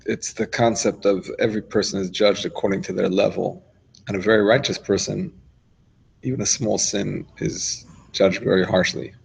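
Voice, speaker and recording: A man with a low, gravelly and somewhat husky voice teaches a relaxed Torah class. He explains as he goes, stopping for asides and restarting his sentences in a plain conversational way. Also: rough recording. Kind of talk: informal Torah lesson.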